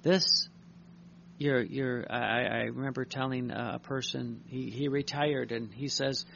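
A man's voice: mid-range voice, fairly even intonation, gravelly, a bit bright, muffled recording, a little hiss or hum. A male priest giving a sermon, reading a devotional text aloud and commenting on it in an earnest, repetitive way. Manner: earnest, repeats words, reads aloud slowly then tells stories.

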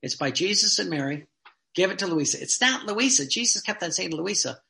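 Fervent preacher with a bright, forceful voice. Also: mid-range voice, animated, creaky. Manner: earnest and fervent, slows down to read quoted passages. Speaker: religious teacher. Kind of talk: sermon-style teaching with read-aloud passages.

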